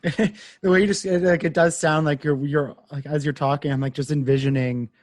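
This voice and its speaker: A man's voice: fairly high pitch, steady tone, moderate pace, dry recording. Male host, chatty rambler, close dry sound. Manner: rambling, filler-heavy. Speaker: podcast host. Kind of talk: casual chat.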